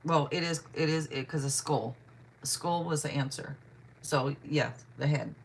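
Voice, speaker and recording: A woman's voice: low-pitched, measured pace, creaky, slight background noise. A woman hosting a tarot livestream, chatting casually, greeting viewers by name and apologizing often. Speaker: tarot reader and livestream host. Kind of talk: casual livestream chat reading viewer questions.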